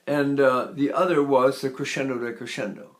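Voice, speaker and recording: A man in his eighties giving a spoken voice lesson in an unhurried, explanatory way, now and then singing or breathing to demonstrate. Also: medium pitch, fairly even intonation. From United States. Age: 80s. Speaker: voice teacher.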